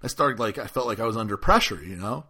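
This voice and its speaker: Male podcast host, bright forceful voice, loose rambling storyteller who keeps circling back with fillers. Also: lowish voice, expressive, slightly rough. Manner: rambling, halting, many fillers. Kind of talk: casual storytelling chat.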